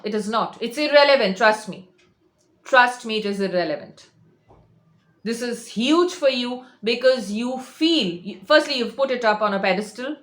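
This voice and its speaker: A fairly high-voiced woman talks straight to her viewers as a coach. She is insistent and emphatic, hammering on the same points again and again. The room around her rings with echo. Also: fairly bright tone. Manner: insistent, repeats herself, emphatic. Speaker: manifestation coach. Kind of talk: direct-to-camera motivational talk.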